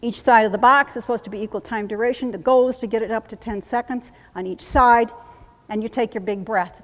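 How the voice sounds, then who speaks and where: A woman's voice: fairly high pitch, fairly even intonation. Woman coaching in an echoey hall. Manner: brisk, coaching, repeats phrases rhythmically. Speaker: trainer teaching combat medics. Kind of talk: live workshop demonstration. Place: conference room. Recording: echoey hall from a live conference.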